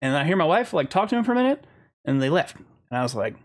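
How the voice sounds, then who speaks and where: A man's voice: a little high, sing-song, quick pace. A man co-hosting a podcast, telling stories in a blunt, casual way with plenty of swearing. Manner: storytelling, profane and blunt. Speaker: podcast co-host.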